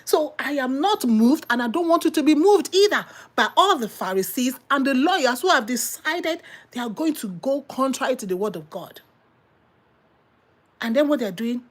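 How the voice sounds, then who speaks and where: A woman preacher delivers a passionate sermon in a high, bright voice. She preaches animatedly, firing rhetorical questions and exclaiming often. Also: big pitch swings, moderate pace. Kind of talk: impassioned sermon.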